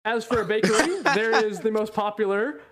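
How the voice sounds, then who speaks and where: Halting, laid-back male game master. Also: high-pitched, fairly bright tone. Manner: reads a list of punny names, breaking into laughter. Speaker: dungeon master. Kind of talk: narrating a tabletop game.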